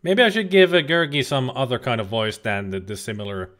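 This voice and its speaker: A man's voice: mid-range voice, fairly quick, fairly bright tone. Chatty man streaming a game. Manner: chatty, rambling, jokey, occasional swearing. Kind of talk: casual let's-play commentary.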